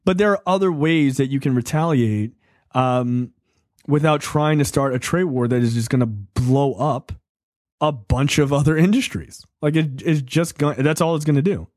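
A man's voice: medium pitch, normal speed, darkish tone, no echo, studio quality. A man co-hosting a podcast, talking politics in casual, sarcastic banter and often restarting his sentences. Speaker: podcast co-host.

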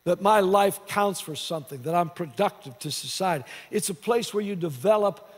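A man's voice: high-pitched, moderate pace. A man preaching a sermon as pastor, restarting phrases and repeating words as he goes. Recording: long hall reverb.

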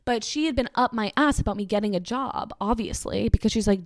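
A woman in her twenties casually telling a long personal story, rambling with lots of fillers and jumping into high, squeaky voices when she quotes people. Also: brisk, few pauses, no echo, studio quality. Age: 20s.

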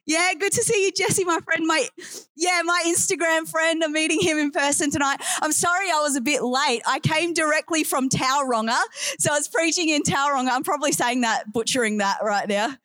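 High-voiced Australian-accented woman preaching. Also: a little fast, a bit bright, no room sound. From New Zealand. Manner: fervent, with frequent fillers and asides. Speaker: guest evangelist preacher. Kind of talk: prayer and sermon to a congregation. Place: church service.

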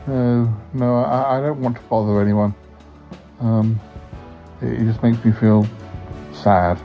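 A podcast host playing himself in a comedy sketch, fretful and stammering as he talks. His voice sits at an average pitch, and the recording is dull and lo-fi with faint music behind it. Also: steady tone, slow.

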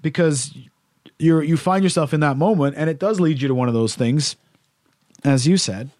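A man casually telling a story on a podcast, animated and full of swearing. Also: on the high side, normal speed, no room sound, clean studio sound.

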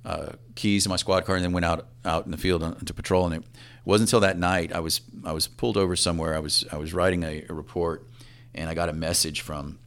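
Very deep-voiced man with a gravelly edge. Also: flat delivery. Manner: halting, reflective, often trails off quietly. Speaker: police assistant chief, podcast guest. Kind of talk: reflective personal storytelling.

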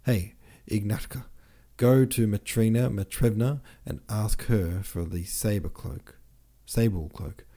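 A man's voice: lowish voice, takes it slowly, hardly any pauses, dark tone. A man voicing a brash young officer who plots an elopement, talking in a boisterous, commanding way. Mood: scheming.

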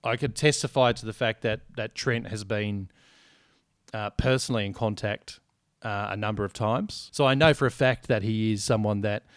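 A man's voice: lowish voice, normal speed, no echo, clean studio sound. A man co-hosting a podcast, chatty and joking, swearing freely. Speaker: podcast co-host. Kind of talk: casual sports chat.

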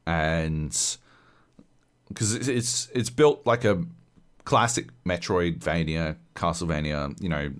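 A man's voice: deep voice, takes it slowly, smooth. A man co-hosting a podcast in casual chat, rambling and swearing, full of fillers and restarts. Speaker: podcast co-host. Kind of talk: casual chat about games.

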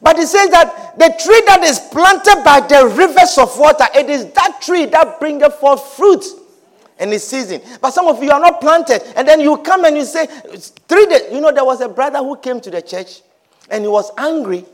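A man's voice: very high-pitched, expressive, moderate pace. A man pastor preaching a sermon in a church, emphatic and repetitive, calling out to his congregation.

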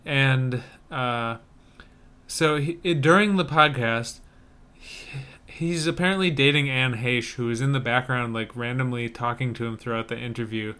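A man's voice: mid-range voice, moderate pace, sharp tone, smooth. A man co-hosting a casual podcast, chatting about movie trailers with wry, joking banter. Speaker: podcast co-host.

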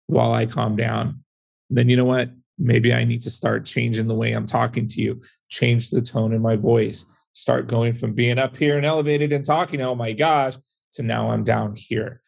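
Man, gravelly voice, casual podcast guest, confident storyteller, plain talk. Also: medium pitch, darkish tone. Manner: confident, explaining with stories and "right?" asides. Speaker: guest, real estate investor and former police officer.

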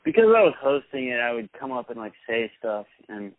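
A man's voice: medium pitch, very animated, fairly quick, no room sound, phone-quality sound. Laid-back male podcast host. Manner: laid-back, short replies and dry quips. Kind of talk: casual chat.

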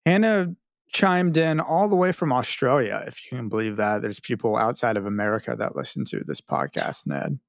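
Male podcast host, middle pitch, dry close mic, wry and self-mocking. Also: animated, moderate pace, vocal fry, no echo. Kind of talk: casual podcast chat, reading listener mail.

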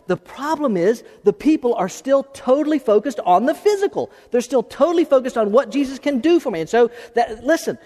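A man's voice: extremely high pitch, darkish tone. A man preaching a sermon as pastor, conversational, asking rhetorical questions and restarting his phrases. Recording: long hall reverb.

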